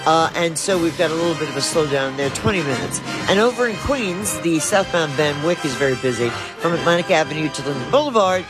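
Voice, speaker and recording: A woman giving a radio traffic report, briskly rattling off road conditions from a traffic center studio. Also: low-pitched, animated, music in the background.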